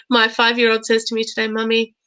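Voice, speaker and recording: A woman in her thirties hosting a live oracle card reading, chatty and bubbly, laughing often and slowing into a gentle coaching tone. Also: mid-range voice, fairly even intonation, low-quality recording. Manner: slows into gentle, coaching tone for affirmations. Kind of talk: live-stream chat with viewers.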